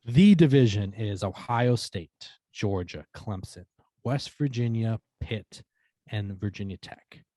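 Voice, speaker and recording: A man co-hosting a casual podcast chat, easygoing, reading out long lists of teams at a steady clip. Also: lowish voice, slow, no room sound. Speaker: podcast co-host.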